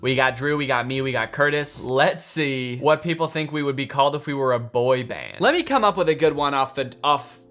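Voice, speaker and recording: A man giving casual, jokey reaction commentary on fan posts, sarcastic and animated, with sudden jumps in pitch and casual swearing. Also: fairly quick, soft background music. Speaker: YouTuber reading fan posts.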